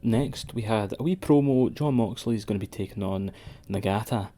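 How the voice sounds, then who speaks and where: Male podcast co-host, low mellow tone, sweary rambling banter. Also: moderate pace. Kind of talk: casual wrestling podcast chat.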